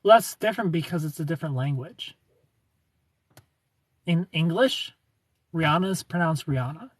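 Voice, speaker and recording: Profane, laughing young livestream host. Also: male voice, a little high, lively intonation, moderate pace, slightly rough, dry recording. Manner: ranting, profane, laughing often. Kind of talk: casual livestream chat reading comments.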